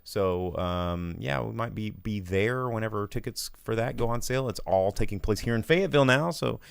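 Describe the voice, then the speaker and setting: A man's voice: fairly low pitch, moderate pace, vocal fry, a little hiss or hum. A man hosting a casual movie podcast, rambling and sarcastic as he talks through box office numbers. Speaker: podcast host.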